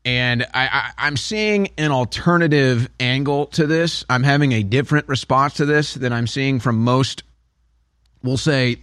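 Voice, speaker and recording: A man's voice: mid-range voice, fairly bright tone, dry recording. A man hosting a talk radio show, delivering a sarcastic, heated opinion monologue in a studio.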